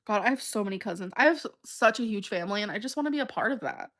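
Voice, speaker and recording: A woman's voice: medium pitch, animated, racing, few pauses, fairly bright tone. A woman in her thirties chatting casually on a livestream, reading comments and rambling earnestly, often stumbling over her words. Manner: emotional and earnest.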